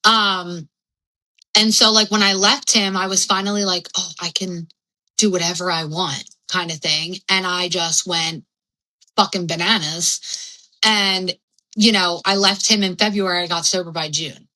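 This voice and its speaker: Young adult woman, podcast guest, candid storytelling, rambling and frank, bright forceful tone. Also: mid-range voice, steady tone, a little slow, rough recording. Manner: rambling and frank, heavy on fillers and swearing.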